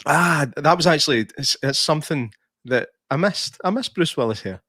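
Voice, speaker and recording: A man's voice: on the high side, lively intonation, normal speed, bright, forceful tone, breathy edge, no echo, clean studio sound. A man, co-hosting a podcast in a casual film review chat, laughing often and restarting his sentences. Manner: chatty, laughs often, many restarts and fillers. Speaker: podcast co-host.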